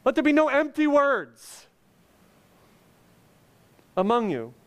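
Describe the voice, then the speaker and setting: A man's voice: very high-pitched, sing-song, slow pace, fairly bright tone. A male pastor preaching a sermon, earnest and conversational with touches of humor.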